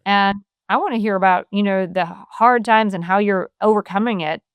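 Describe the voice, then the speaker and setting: A woman's voice: medium pitch, brisk, smooth, dry recording, lo-fi sound. A middle-aged woman, a wellness author, talking in an earnest, open way as a podcast guest, with many filler phrases. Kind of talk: casual conversational interview.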